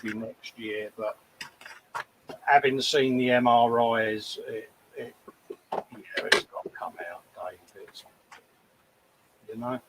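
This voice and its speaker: Here a mid-range male voice moves slowly with frequent pauses over a very noisy background. He's a co-host on a model-building livestream, chatty and joking, often poking fun at himself and putting on quoted voices.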